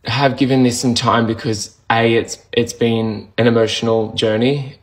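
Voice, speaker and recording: A man talking to camera in a personal vlog, emotional and halting, with many restarts and pauses as he struggles to get the words out. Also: mid-range voice, little pitch movement, rough recording. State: emotional, close to tears. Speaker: vlogger sharing a personal update.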